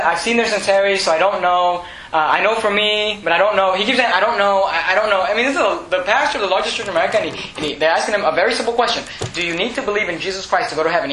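A male pastor preaching a sermon, swinging from shouted peaks to hushed, quiet lines. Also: sits high, echoey room, low-quality recording.

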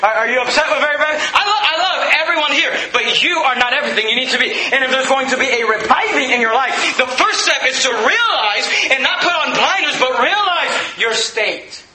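A man's voice: very high voice, expressive, moderate pace, sharp tone, echoey room, slight background noise, rough recording. A man preaching a sermon as pastor of his church, impassioned and repeating phrases as he builds his points.

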